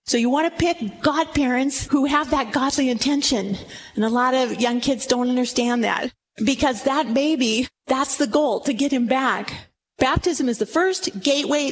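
High-voiced woman in her sixties teaching scripture. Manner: emphatic, reads scripture aloud dramatically; addresses the audience directly with questions. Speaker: religious teacher. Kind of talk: Bible teaching talk.

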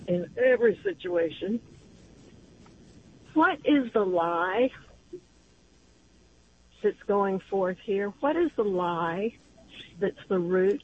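A woman in her seventies who calls in to a talk show and speaks in an earnest, reflective way. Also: medium pitch. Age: 70s. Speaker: caller. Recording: muffled phone line with faint hum.

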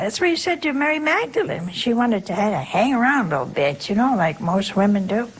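Very animated and brisk, with few pauses, an older woman leading a group of nuns gives a chatty religious talk in a slightly rough, mid-range voice. She keeps asking her listeners rhetorical questions. The recording is rough.

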